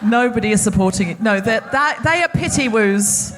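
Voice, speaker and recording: A woman's voice: fairly high pitch, lively intonation, moderate pace. A woman hosting a live comedy podcast, bantering playfully through laughter. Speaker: podcast host.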